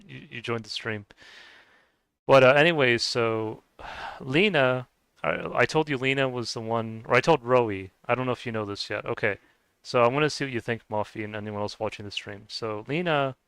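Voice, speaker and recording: A man's voice: medium pitch, fairly bright tone, smooth, no echo, rough recording. A man streaming a game, chatting casually to viewers and rambling with many restarts. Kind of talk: casual chat while gaming.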